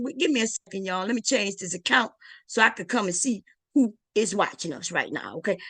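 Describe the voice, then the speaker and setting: A middle-aged woman hosting a casual livestream, loud and joking, swearing freely and talking straight to her chat. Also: mid-range voice, no echo. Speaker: livestream host.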